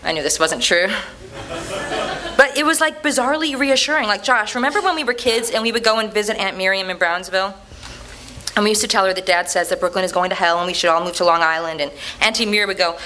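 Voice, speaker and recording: A woman giving a dramatic reading of a personal letter in an animated, conversational storytelling manner. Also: medium pitch, fast talker, slight background noise.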